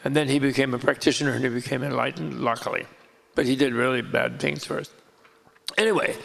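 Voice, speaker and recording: Gravelly guy telling an old story, fairly high voice, laughing along, big hall echo. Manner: lively, amused, laughing between lines. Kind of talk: casual spoken storytelling. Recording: long hall reverb.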